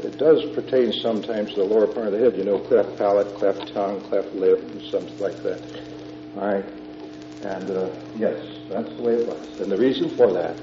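Low-voiced man teaching Bible class. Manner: explains patiently, repeats phrases, checks with "all right?". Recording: echoey room, dull lo-fi tape, music behind.

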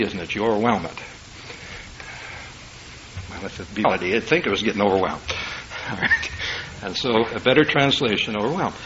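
A man preaching a sermon in a folksy, conversational way, swinging between loud emphatic bursts and quiet low asides. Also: slight background noise. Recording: dull lo-fi sermon tape.

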